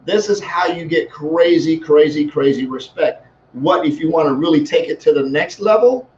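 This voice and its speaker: A man's voice: a little high, normal speed, a little mellow, slight background noise. A man talking as a leadership coach in a casual live-stream, rambling with many restarts. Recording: echoey room, dull lo-fi sound.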